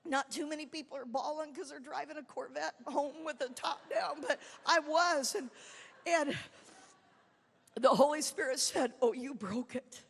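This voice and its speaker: A woman evangelist preaching a sermon, telling her story with swings from quiet asides to loud, shouted climaxes. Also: high voice, fairly even intonation, moderate pace, gravelly. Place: church camp meeting hall. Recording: long hall reverb.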